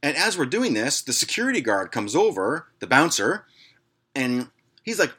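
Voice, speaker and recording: A man hosting a podcast, telling a story in a casual, crude and heavily profane way, jumping higher and louder when he acts out his own angry lines. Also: very animated, normal speed, husky. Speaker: podcast host.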